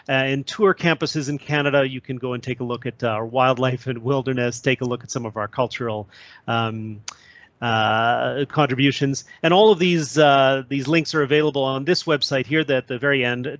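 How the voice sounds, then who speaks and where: A man's voice: medium pitch, fairly bright tone, no room sound. A male trade commissioner giving a webinar presentation, hesitant with many fillers. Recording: dull lo-fi audio.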